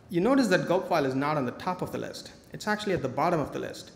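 Man doing a live coding talk, joking and lively, in a large reverberant hall. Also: a little high, very fast. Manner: playful, joking asides. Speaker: conference speaker. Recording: echoey hall, faint noise.

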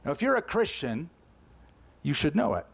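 A man's voice: on the high side, big pitch swings, moderate pace, creaky, husky. A man in his sixties, a pastor delivering a conversational, emphatic sermon full of rhetorical questions.

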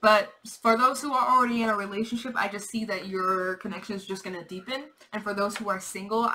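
A woman's voice: medium pitch, background noise. A young woman giving a casual, rambling tarot reading, repeating herself, swearing and laughing. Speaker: tarot reader.

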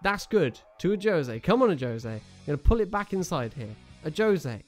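A man's voice: on the high side, big pitch swings, moderate pace, soft background music. A young man commentating on his own football video game, joking, groaning and cheering at each play. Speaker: gaming YouTuber. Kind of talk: casual live game commentary.

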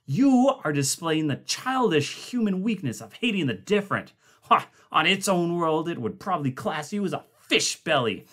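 A man putting on a shrill, indignant scientist. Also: very animated, fairly bright tone. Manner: high-pitched, fast, heated pleading. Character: indignant male biologist, shrill and defensive.

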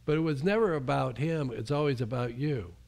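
A man's voice: mid-range voice, a little fast, gravelly, a little mellow. A male pastor preaching a sermon in a conversational way, often restarting his sentences and acting out the voices he quotes.

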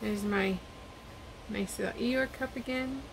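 Lady rambling thru an unboxing at home, kinda high voice, faint hiss behind. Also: unhurried. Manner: rambling and chatty, trailing off mid-sentence. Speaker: craft review vlogger. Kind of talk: casual unboxing chat.

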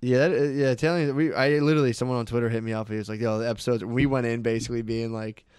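Laid-back young podcast co-host. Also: male voice, medium pitch, steady tone, a little mellow, clean tone, dry recording, clean studio sound. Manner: laid-back, quick to laugh, swears freely. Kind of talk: casual chat.

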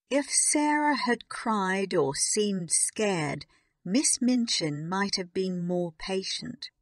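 A woman narrating a graded story for English learners in a calm, even reading. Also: medium pitch, slow, no room sound, studio quality. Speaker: audiobook narrator.

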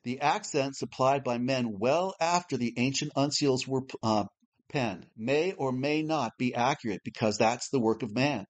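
A man teaching a Bible class, reading a prepared lesson in a measured, explanatory way and slowly spelling out letters. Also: medium pitch.

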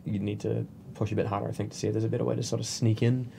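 A man's voice: fairly low pitch, level tone, rapid-fire, creaky, warm tone, slight background noise. A man narrating as game master of a tabletop game, with rambling descriptions full of fillers and restarts.

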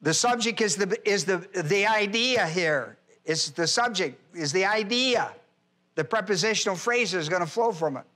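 A man's voice: sits high, expressive, moderate pace, pushed and bright. A male pastor teaching a Bible class verse by verse, emphatic, repeating key phrases and quizzing his listeners.

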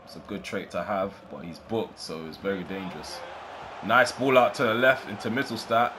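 A man with a fairly low voice narrating his own football game as he plays. He swings between calm play-by-play and loud, excitable bursts, swearing now and then. A faint hum sits behind him. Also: moderate pace. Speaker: gaming YouTuber. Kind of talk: live gameplay commentary.

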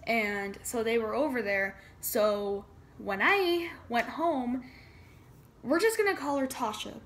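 Teen girl vlogger, casual storytime, chatty and dramatic, slightly high voice, faint room hum behind. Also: takes it slowly, fairly bright tone. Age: teens. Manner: chatty, says "like" a lot, dramatic retelling.

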